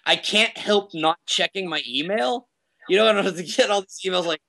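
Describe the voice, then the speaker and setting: Young man, casual meetup guest, rambly and loose, slightly high voice. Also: fairly quick, creaky, bright, forceful tone. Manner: rambling, loose, lots of fillers and self-corrections. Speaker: remote guest speaker at a meetup. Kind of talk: casual chat.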